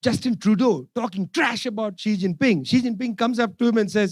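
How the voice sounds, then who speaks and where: Brief: male speaker, high voice, fiery sarcastic rally speech, dry close sound. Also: brisk, hardly any pauses, no echo. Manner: sarcastic, repeats phrases for emphasis. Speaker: speaker at a political forum. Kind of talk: impassioned public speech. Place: forum event hall.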